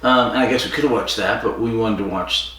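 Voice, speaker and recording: Low-voiced man recapping in an echoey room. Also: fairly quick, fairly bright tone, recorded from a distance. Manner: rambling retelling with fillers and quoted dialogue. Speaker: podcast co-host. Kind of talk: casual chat.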